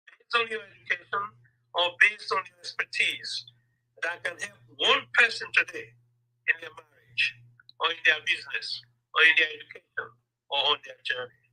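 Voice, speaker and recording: Bright-voiced man with a high pitch. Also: moderate pace, poor audio. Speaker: business mentor. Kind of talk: motivational sharing.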